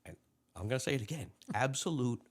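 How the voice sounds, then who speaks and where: A man's voice: mid-range voice, quick pace, husky. A man, a retired police lieutenant telling a story in an interview and acting out the dialogue in a raised voice. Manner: animated, acts out dialogue in a raised voice.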